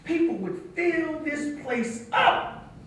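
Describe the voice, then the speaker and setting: A woman performs a stage monologue as an older woman who wistfully tells young listeners about a once-lively dance hall. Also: high voice, slow, a little hiss or hum. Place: theatre stage. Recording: echoey hall from far off.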